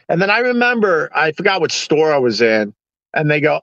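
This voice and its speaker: A man's voice: a little high, sing-song, a little fast, a bit bright, dry recording, dull audio. A man hosting a live stream, ranting with sarcastic exasperation to the people watching.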